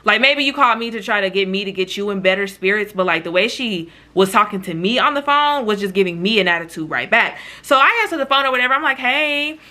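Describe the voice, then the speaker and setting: A woman's voice: medium pitch, lively intonation, fast talker, few pauses, pushed and bright. A woman vlogger telling a chatty storytime with lots of slang, talking straight to her viewers. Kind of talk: storytime vlog.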